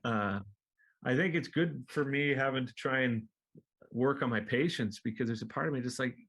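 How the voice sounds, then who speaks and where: A man talking as a guest in a casual interview, laid-back and profane, acting out other people's lines in a high voice and laughing often. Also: moderate pace, breathy edge. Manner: animated storyteller, acts out quotes in high voices. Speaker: guest musician.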